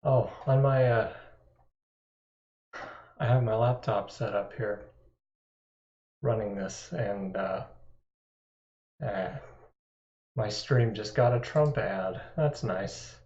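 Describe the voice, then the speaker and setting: A man's voice: lowish voice, slow, pauses often, darkish tone. Man, live streamer, casual rambling chat, self-deprecating, roomy echo, dull lo-fi mic. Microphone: desktop microphone. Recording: echoey, dull lo-fi sound.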